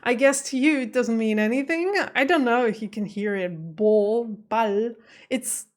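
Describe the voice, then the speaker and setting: A woman's voice: on the high side, animated, moderate pace. Chatty woman host. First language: German. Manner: chatty, laughs often, rambling asides. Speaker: reaction video host. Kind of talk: casual chat to camera. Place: dim room at home.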